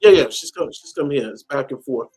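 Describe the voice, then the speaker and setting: Animated man telling a story. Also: mid-range voice, fast talker, breathy edge, faint music behind. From United States. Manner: animated storyteller, acts out quoted voices. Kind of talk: casual call-in chat.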